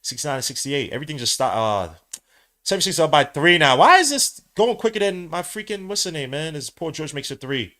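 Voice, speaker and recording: Brief: young New man, podcast host, fan play-by-play that jumps from mumbles to shouts. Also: on the high side, lively intonation, a little fast. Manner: swings from muttered play-by-play to loud outbursts, slangy. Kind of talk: excited live watch-along commentary.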